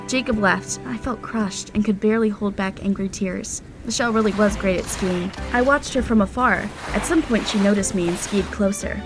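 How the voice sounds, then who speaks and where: A woman's voice: medium pitch, moderate pace, few pauses. A woman narrating a dramatic first-person storytime. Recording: music playing behind.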